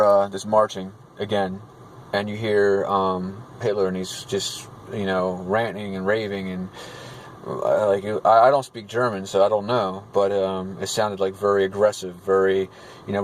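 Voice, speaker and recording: Low-ish guy rambling on about a vision, lots of ums, noisy street hum behind him. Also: flat delivery, moderate pace. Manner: rambling, many fillers and restarts. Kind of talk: casual spoken recount of a vision.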